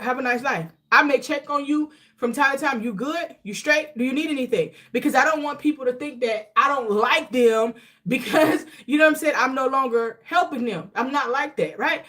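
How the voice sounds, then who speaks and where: Emphatic preachy woman, higher voice. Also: fairly bright tone. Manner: emphatic, repetitive, preachy advice-giving; slangy, loose conversational talk. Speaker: tarot reader and spiritual coach. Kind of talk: casual spiritual tarot reading.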